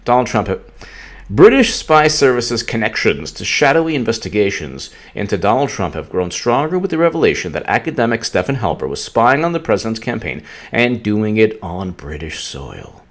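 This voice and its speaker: A man's voice: on the low side, sing-song, moderate pace. Rambling, sarcastic male political vlogger. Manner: rambling, sarcastic, stumbling over words. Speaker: political commentator. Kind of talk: casual political commentary vlog.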